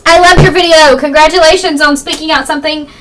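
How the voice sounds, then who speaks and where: A young woman vlogging casually about politics, talking quickly and rambling with strong opinions, her voice a little froggy. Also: sits high, fairly even intonation, background noise. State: slightly froggy voice. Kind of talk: fast casual political vlog. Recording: distant camera mic.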